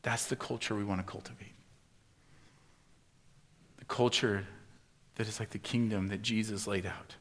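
A man preaching a sermon as pastor, acting out the voices of the people he quotes and swinging from loud to hushed. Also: fairly low pitch, fairly even intonation, normal speed, pauses often.

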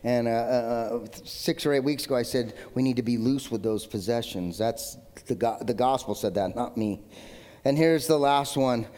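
A male pastor in his thirties preaching a sermon in a conversational, joking way, swinging between loud emphatic lines and low asides. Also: normal speed. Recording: long hall reverb.

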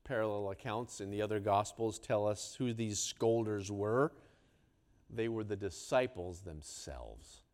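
A man preaching a sermon, swinging between hushed, quiet lines and loud, emphatic ones. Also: on the low side, measured pace. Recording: long hall reverb.

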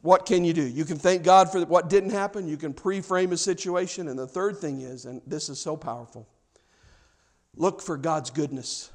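A male pastor preaching a sermon, telling stories with lively repetition and building to a forceful cadence. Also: on the high side. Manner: animated storytelling, repeats phrases for emphasis.

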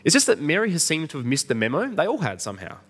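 A man's voice: fairly high pitch, wildly swooping pitch, rapid-fire. A middle-aged man preaching an Easter sermon in a conversational way, asking the congregation questions. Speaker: pastor.

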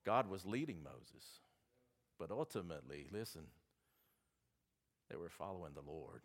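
A man with a Southern accent preaching a sermon, reading scripture and making folksy, animated asides to the congregation. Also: deep voice, a little slow.

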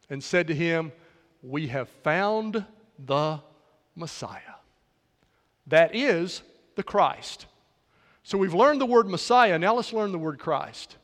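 A man preaching a sermon, with dramatic pauses and shifts between loud and soft passages. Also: fairly high pitch. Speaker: pastor. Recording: long hall reverb.

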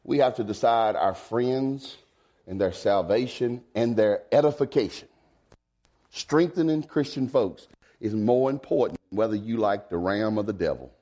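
A man, preaching a folksy sermon. He swings from low asides to high, emphatic exclamations. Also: normal speed, mellow. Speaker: pastor.

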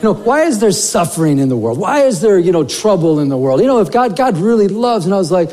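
A man preaching a sermon as a pastor, telling a story in an animated way and saying "you know" often. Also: sits high, fast talker. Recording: long reverb of a church hall.

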